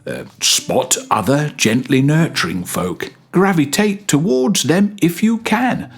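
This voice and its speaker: Soft-spoken guy hosting a chatty self-help show, slow and rambly, lots of ums. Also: on the high side, big pitch swings, creaky, slightly rough. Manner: gentle, rambling, with many ums and restarts. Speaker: podcast host. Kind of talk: casual self-help chat.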